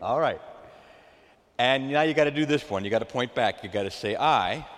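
A man preaching a sermon to a congregation, animated, drawing them into call-and-response. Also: mid-range voice, moderate pace, slight background noise. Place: church. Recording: long hall reverb.

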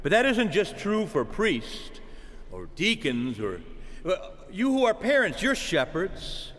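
A man delivers a sermon in a high, lively voice that climbs and falls widely. He calls out to the congregation as "church" and asks for an amen. The sound carries a long reverb from a church hall. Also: unhurried, a little hiss or hum. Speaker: preacher.

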